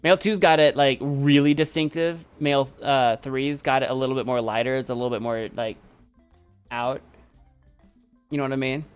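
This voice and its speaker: A man's voice: mid-range voice, fairly even intonation, moderate pace, clean tone, faint music behind. A man chatting casually on a live stream, giving playful commentary.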